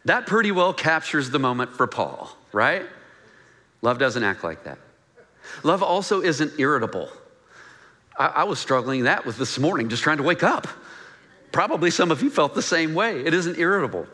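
A man preaching a sermon to his congregation in a church, animated and conversational, joking with the room as he teaches. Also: on the high side, normal speed, in a large hall. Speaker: pastor. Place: church sanctuary.

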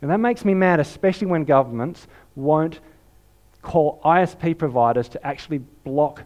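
Male pastor, sermon delivery, higher-pitched voice, lively and animated storytelling. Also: moderate pace, muffled recording. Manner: animated storytelling, swings from hushed to shouting.

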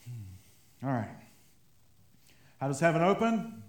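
A man with a high voice preaches a sermon in a conversational way, often chuckling between points. The sound of the church room rings around him. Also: normal speed, roomy sound. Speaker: pastor.

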